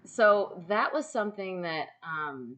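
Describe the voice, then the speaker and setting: A woman in her thirties hosts a stream over a video call, telling excitable stories and acting out quotes in casual chat. She laughs often, and her voice is fairly low-pitched and slow.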